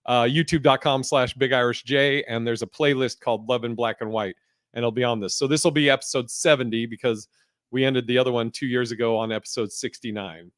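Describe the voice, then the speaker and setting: A man's voice: mid-range voice, steady tone, brisk, fairly bright tone, no room sound, clean studio sound. A man hosting a podcast in loose, profane casual chat, laughing as he tells stories. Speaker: podcast host.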